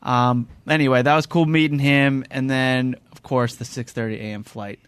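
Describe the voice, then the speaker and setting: A man hosting a casual podcast chat, telling an anecdote in an animated way, often laughing and restarting his sentences. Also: medium pitch, normal speed, clear, resonant tone, no room sound. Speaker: podcast host.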